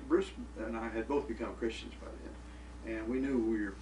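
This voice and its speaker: A middle-aged father gives a tribute, telling a family story in a homespun way and often repeating "I said" and "he says." His mid-range voice is brisk with a darkish tone. The recording is distant and noisy, capturing a roomy space.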